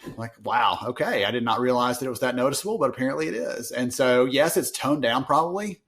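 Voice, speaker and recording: Southern US man, podcast guest, lively anecdotal delivery with quoted voices. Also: medium pitch, fast talker. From Alabama, US. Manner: animated storyteller, acts out quoted voices. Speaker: podcast guest, research analyst. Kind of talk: casual interview chat.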